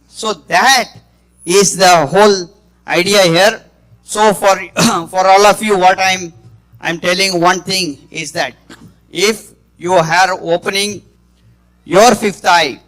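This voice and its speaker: A middle-aged man giving a spontaneous talk, halting and often restarting his phrases. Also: a little high, fairly bright tone, rough recording. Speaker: speaker on spiritual healing.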